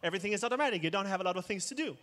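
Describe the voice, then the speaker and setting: High-voiced man telling jokes on stage. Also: animated, rapid-fire, a bit bright. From Israel. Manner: jokey, dramatic storytelling. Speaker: conference speaker. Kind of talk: keynote talk. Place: outdoor festival main stage.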